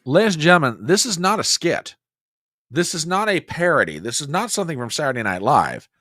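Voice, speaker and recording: A man's voice: fairly high pitch, sing-song, brisk, sharp tone, no echo, clean studio sound. Exasperated man hosting a commentary stream. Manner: exasperated, talks back to clips and chat. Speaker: host of a political commentary show. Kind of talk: livestream commentary reacting to clips.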